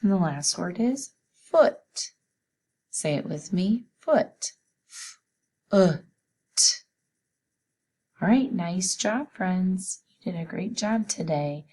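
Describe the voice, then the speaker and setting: A woman teacher giving a spelling lesson for children, sounding out each letter slowly and patiently. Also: lowish voice, lively intonation, dark tone, slightly rough.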